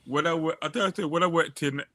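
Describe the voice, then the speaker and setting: Bright-voiced man. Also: fairly high pitch, brisk. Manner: rambling, restarts a lot, animated when telling stories. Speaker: podcast host. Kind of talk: casual chat, storytelling.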